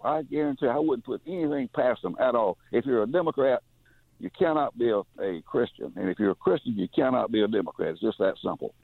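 Man, caller, gravelly, hesitant with fillers, dry phone-line sound. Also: medium pitch, no echo. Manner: hesitant, many fillers and restarts. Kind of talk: call-in radio talk.

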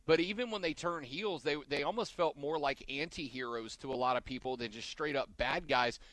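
Bright-voiced rambling male podcast host. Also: a little high, fairly quick, no room sound. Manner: rambling, trails off and backtracks mid-sentence. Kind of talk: casual wrestling podcast chat.

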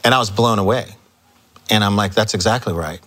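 Guy on a podcast telling a story, acts out the dialogue, lower voice. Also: a little fast, fairly bright tone. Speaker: chiropractor guest. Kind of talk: casual storytelling interview.

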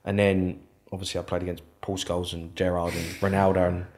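A man tells his story in a relaxed interview. He is animated and swears freely, putting on other people's voices as he goes. His voice sits low. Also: brisk. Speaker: former footballer, guest.

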